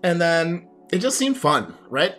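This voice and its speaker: A man's voice: fairly high pitch, sing-song, a little slow, fairly bright tone, faint music behind. A man hosting his own podcast and talking alone to a camera as a coach, reflective and rambling, with many fillers and restarts. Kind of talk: solo podcast monologue.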